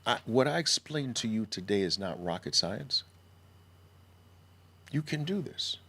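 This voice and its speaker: A middle-aged man giving an emphatic sales pitch for trading education, full of mocking rhetorical questions. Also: lively intonation, measured pace, pushed and bright, husky. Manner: mocking rhetorical questions, mimics naive traders.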